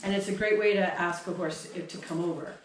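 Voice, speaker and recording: A woman horse trainer explains breathing signals at a clinic in a fairly low voice, speaking fairly quickly and chattily. She breaks off to sigh and huff out demonstrations. The mic sits far off in an echoey hall, with a little hiss or hum.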